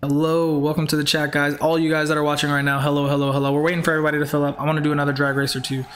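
A man's voice: a little high, level tone, racing, a little hiss or hum. A young man hosting a live game stream in casual chat, greeting viewers by name and firmly repeating himself.

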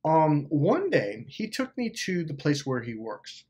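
A man's voice: fairly high pitch, measured pace, husky. A man hosting a self-help video, telling a personal story in a casual, rambling way with swearing and lots of fillers. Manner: animated, profane, rambling with many fillers.

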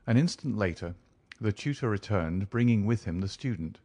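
A man reads an audiobook in an even, measured storytelling style. His voice is fairly low, and there's no room sound.

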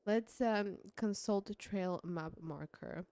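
A woman's voice: mid-range voice, slow pace, warm tone, a little hiss or hum. A woman giving casual, chatty gameplay commentary, gushing and giggling as she goes. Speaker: let's play creator.

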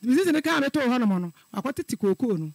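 A man's voice: very high voice, sing-song, fast, creaky, no room sound. A middle-aged man calling in to a radio show, telling a personal story in an earnest, repetitive way. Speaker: caller.

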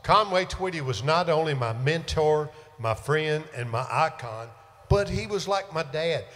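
A man's voice: on the high side, lively intonation, unhurried, a bit bright. An older man, a singer hosting a livestream show and telling folksy, joking stories between songs. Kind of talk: casual banter between songs. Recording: reverberant room with music.

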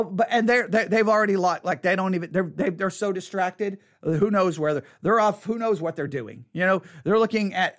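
A man, a pastor, giving casual spoken Bible teaching, rambling and animated, with restarts and acted-out voices of excited kids. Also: high-pitched, moderate pace, few pauses.

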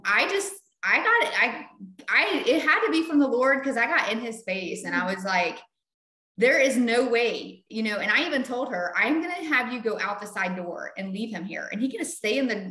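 A middle-aged woman, leading a Bible study and telling a story in animated casual chat. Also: medium pitch. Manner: animated, acts out quoted voices. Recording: echoey room.

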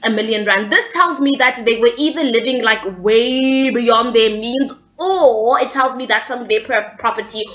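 A woman's voice: on the high side, normal speed, few pauses, fairly bright tone. A young woman, not an English speaker, giving opinionated, sassy celebrity gossip commentary and often checking in with "okay?". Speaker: gossip news vlogger.

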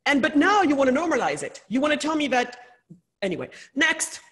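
A higher-pitched woman co-host from Africa talks in a lively, emphatic way, doubling up her words to drive each point home. She sounds like she is on a video call in a relaxed, casual conversation. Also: fairly quick. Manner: animated, emphatic, repeats words. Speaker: podcast co-host.

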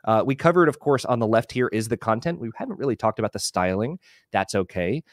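Male instructor, lower voice, dry close sound, easygoing live tutorial delivery over a video call. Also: fast talker, no room sound. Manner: relaxed, explanatory, thinks aloud while clicking through. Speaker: webinar instructor. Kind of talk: live screen-share tutorial.

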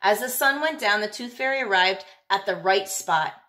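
A woman teacher reading a picture book aloud, in an expressive, lilting storytelling manner. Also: medium pitch, normal speed.

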